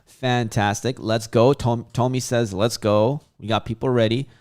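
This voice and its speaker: A man's voice: mid-range voice, fairly even intonation, moderate pace, a little mellow. A man from Chicago hosting a casual livestream and reading viewer comments aloud with lots of hype. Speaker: livestream host.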